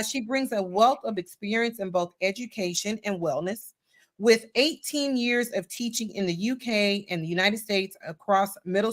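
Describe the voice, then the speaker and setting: A woman's voice: fairly high pitch, a bit bright. A woman hosting a casual livestream talk show, chatty and folksy, often repeating herself and speaking straight to her audience. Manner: playful, addresses audience as y'all. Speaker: podcast host.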